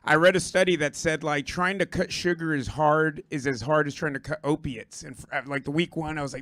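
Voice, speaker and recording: Hoarse, profane stand-up comedian. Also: male voice, on the high side, fairly quick, hardly any pauses, bright, forceful tone. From Puerto Rico. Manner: profane, rambling, riffing with the crowd. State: hoarse, lost his voice. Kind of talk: stand-up set. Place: comedy club stage.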